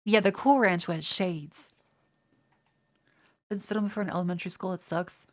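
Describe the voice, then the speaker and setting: A woman's voice: on the low side, steady tone, moderate pace. Profane rambling Australian woman streamer. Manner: profane, rambling, stammers and restarts. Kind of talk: casual live-stream chat reading viewer comments.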